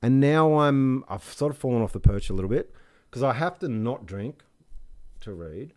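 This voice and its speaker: A man's voice: medium pitch, animated, moderate pace. A man chatting casually as a podcast guest, tipsy and slurring a little, rambling, swearing and losing his thread. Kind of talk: drunk casual chat.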